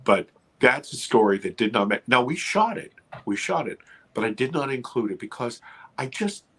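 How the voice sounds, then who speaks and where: Guest man, animated storyteller, voice jumps high when he acts out panic, slightly husky tone. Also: normal speed. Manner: animated, re-enacts his panic with high excited quotes. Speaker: guest filmmaker. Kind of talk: live podcast interview storytelling.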